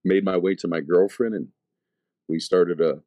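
A man's voice: sits low, fairly even intonation, normal speed, no room sound, phone-quality sound. A man, an evangelist, telling his conversion testimony in casual, slangy talk full of fillers and restarts.

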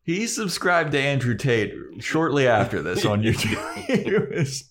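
A man's voice: medium pitch, normal speed, slight background noise. A man co-hosting a podcast, casually recapping an episode and acting out the characters' lines. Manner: animated, acts out character quotes. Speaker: podcast co-host.

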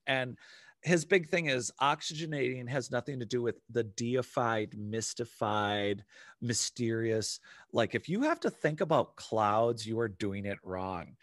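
Rambling, animated man in dry close-up. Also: mid-range voice, dry recording. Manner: rambling, animated, swears casually. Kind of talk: casual chat.

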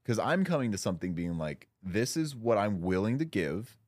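A man's voice: fairly low pitch, big pitch swings, normal speed, a little mellow, dry recording, studio quality. A young man co-hosting a podcast, talking in casual chat with a blunt, emphatic manner and frequent swearing. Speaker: podcast co-host.

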